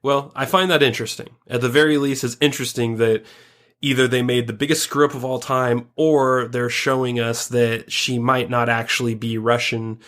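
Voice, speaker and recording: A man co-hosting a casual podcast, joking crudely and turning over theories out loud. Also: medium pitch, level tone, moderate pace. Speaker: podcast co-host.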